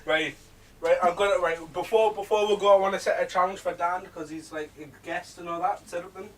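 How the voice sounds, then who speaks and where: A man hosting a casual podcast, giggling and tripping over his own restarts. His voice sits unusually high. The mic is set back a little from him. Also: steady tone, a little fast, fairly bright tone, a little hiss or hum. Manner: restless, stumbling restarts, giggly. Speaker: podcast host. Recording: distant mic.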